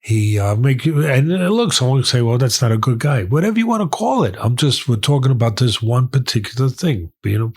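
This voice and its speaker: A man's voice: mid-range voice, big pitch swings, fairly quick, few pauses, darkish tone, breathy edge. A middle-aged man, a boxing trainer telling stories in an interview and repeating phrases for weight. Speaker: guest, boxing trainer and commentator. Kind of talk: storytelling in conversation.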